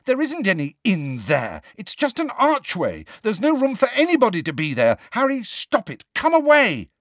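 A man voicing an anxious, bossy teenage schoolgirl in a storybook reading, with a high, strained, urgent manner. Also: sing-song, measured pace, fairly bright tone, no echo, studio quality, heavily acted.

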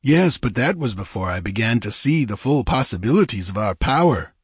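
A man's voice: mid-range voice, sing-song, fairly quick, husky, no room sound, studio quality. A man reading aloud, voicing a hot-tempered, ambitious male bandit chief with a commanding, sardonic manner. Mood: domineering, scornful.

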